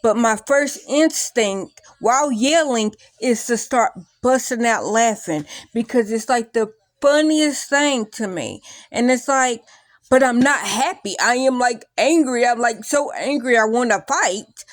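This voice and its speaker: Young woman w a high voice, rambling vlog talk, slow and dry sounding. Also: dry recording. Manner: rambling, animated, many likes and restarts. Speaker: vlogger. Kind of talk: casual confessional talk to camera.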